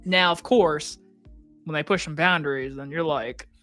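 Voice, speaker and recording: A person in their twenties telling animated, profane stories in casual chat. They act out the customers and coworkers they quote. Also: mid-range voice, normal speed, faint music behind.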